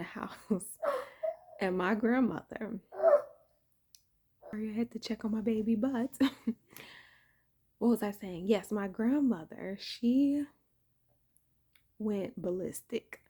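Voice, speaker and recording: A woman casually telling a personal spiritual story indoors, keeping her voice low and soft so she doesn't wake her sleeping son. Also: measured pace, long pauses, slightly rough. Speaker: vlogger sharing a spiritual testimony. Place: indoor room at home.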